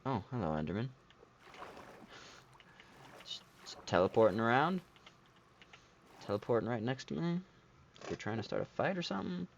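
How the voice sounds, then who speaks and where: A man's voice: medium pitch, lively intonation, normal speed, gravelly, pauses often, slight background noise. A man giving casual, rambling commentary while playing a video game, talking half to himself. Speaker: let's play host.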